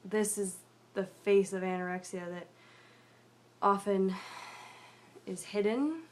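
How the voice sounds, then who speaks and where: A young woman telling a personal story in a video diary, rambling and confessional with many fillers, often dropping to a quiet mutter. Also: medium pitch, steady tone, slow.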